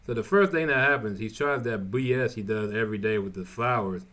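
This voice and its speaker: A man casually recapping episodes of a show, rambling and halting, with frequent restarts. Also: fairly low pitch, fairly bright tone. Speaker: TV show reviewer.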